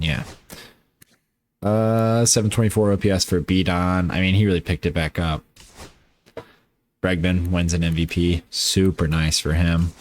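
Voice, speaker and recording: A man's voice: low-pitched, a little hiss or hum. A man casually talking through his baseball video game season, rambling and correcting himself as he goes. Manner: rambling, self-correcting, offhand. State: tired. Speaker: gaming YouTuber.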